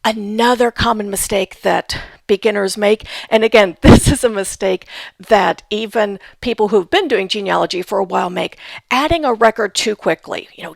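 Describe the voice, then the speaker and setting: Woman teaching with a gravelly voice. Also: mid-range voice, normal speed, no echo, studio quality. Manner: patient, spells out names letter by letter. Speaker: genealogy instructor. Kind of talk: instructional talk.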